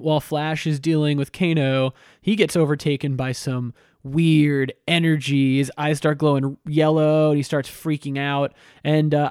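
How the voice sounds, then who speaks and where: A man's voice: on the high side, a little mellow, smooth, no echo, studio quality. A man casually recapping a video game story, chatty and irreverent, with swearing and lots of fillers.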